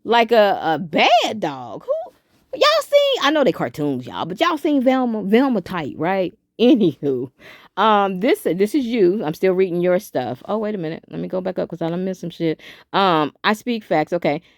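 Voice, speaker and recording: A woman hosting a casual commentary stream, talking straight to her viewers and reading messages aloud into her phone. Her pitch leaps up and drops back down constantly, and she cusses freely. The sound is close and dry, with no room around it. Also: moderate pace, no room sound. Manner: animated, cussing, talks to viewers as y'all. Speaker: commentary channel host.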